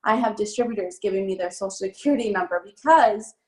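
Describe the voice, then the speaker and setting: Talking fast in a mid-range voice, a young network marketing trainer delivers an upbeat, informal sales training with lots of fillers. It was recorded on a phone in a room with noticeable echo.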